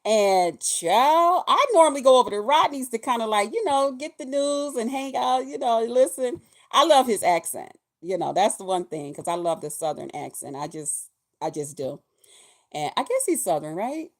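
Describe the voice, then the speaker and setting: A woman's voice: medium pitch, very animated, normal speed, a little mellow. A woman hosting a weekly livestream, chatting casually and folksily with her viewers, greeting and thanking them directly. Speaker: host of a weekly live show.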